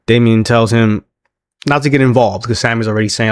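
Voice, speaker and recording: A man's voice: fairly low pitch, steady tone, fairly quick, dry recording, clean studio sound. A man casually recapping a wrestling show on his own, chatty and laughing often as he acts out what the wrestlers said.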